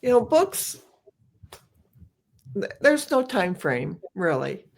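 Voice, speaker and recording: A woman's voice: mid-range voice, very animated, takes it slowly, gravelly. A woman interviewing an author, speaking in an affirming, encouraging way with hesitant ums. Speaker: interviewer for a publisher. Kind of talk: casual interview.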